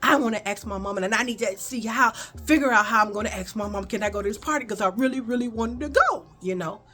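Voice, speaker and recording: A woman vlogger telling a childhood story in an animated, conversational way, talking straight to her viewers. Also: a little high, fast. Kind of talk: casual storytelling.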